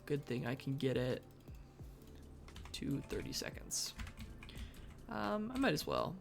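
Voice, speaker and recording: A live-game streamer talks through their play in a slow, gravelly voice that swings widely in pitch. Small setbacks set off mock-dramatic outbursts of frustration. Soft background music plays underneath. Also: very animated. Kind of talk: live gameplay commentary. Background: faint background music.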